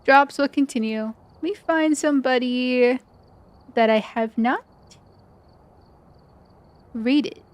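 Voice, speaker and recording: A woman live-streaming a video game, chatting with viewers and explaining mechanics, her voice cracking and going hoarse. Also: high-pitched, slow pace, long pauses. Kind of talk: live gaming commentary.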